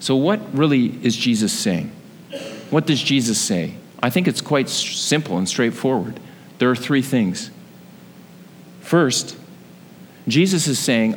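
Male preacher, storytelling sermon, mid-pitched, long hall reverb, faint room noise. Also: a little slow. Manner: vivid storytelling, rising with excitement.

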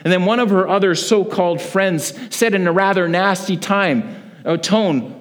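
A man delivers a sermon as a pastor, his voice sitting a little high. He slides into storytelling, acting out the people in it. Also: moderate pace. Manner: lively storyteller, acts out quoted voices.

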